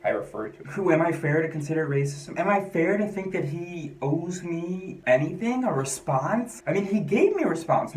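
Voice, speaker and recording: A man's voice: sits high, lively intonation, moderate pace, darkish tone. A man from the United States telling a personal story in a rambling, candid, self-questioning way. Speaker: vlogger. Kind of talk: personal monologue. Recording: echoey room.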